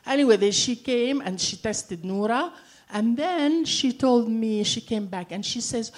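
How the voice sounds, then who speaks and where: A Palestinian woman with an Arabic accent, telling a story to a live audience and playing every part herself. Her voice sits a touch high for a woman, and she talks in a lively way, full of "you know" fillers. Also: normal speed. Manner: animated, acts out the dialogue, frequent fillers.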